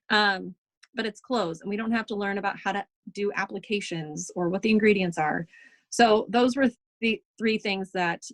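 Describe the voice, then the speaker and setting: A woman's voice: mid-range voice, no echo. Chatty reassuring woman on a dry call. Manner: chatty, reassuring, many ums and likes. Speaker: team leader in direct sales. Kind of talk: casual training talk on a video call.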